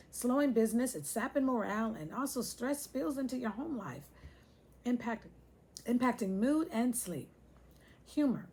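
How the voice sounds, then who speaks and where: A woman's voice: fairly high pitch, mellow, husky. A woman hosting a casual talk to her viewers, chatty and playful, speaking to them directly. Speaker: host.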